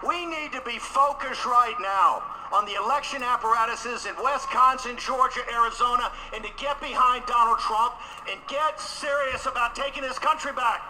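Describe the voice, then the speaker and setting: A man giving a combative political rally speech at a conference, repeating phrases for emphasis and rising to shouts. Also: extremely high pitch, moderate pace, hardly any pauses, slight background noise, low-quality recording. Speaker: conference speaker.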